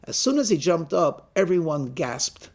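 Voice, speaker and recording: A man's voice: a little high, moderate pace, creaky. A man, a rabbi, telling a story in a sermon and acting out the characters' lines. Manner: animated storyteller who acts out the characters' lines.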